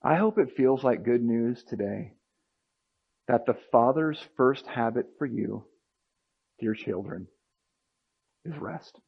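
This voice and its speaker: A man preaching a sermon as pastor, swinging from fired-up, emphatic passages to soft, quiet reflection. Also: medium pitch, lively intonation, slow, creaky, pauses often, husky, highs cut off.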